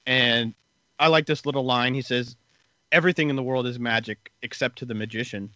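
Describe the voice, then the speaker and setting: A man talks through a plot recap in a loose, rambling way, full of "uh" and "like". His voice is bright and sits in a dry, close space. The sound is a little dull and lo-fi. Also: medium pitch, fairly quick, no room sound. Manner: relaxed, rambling retelling with many fillers. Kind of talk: casual podcast recap chat.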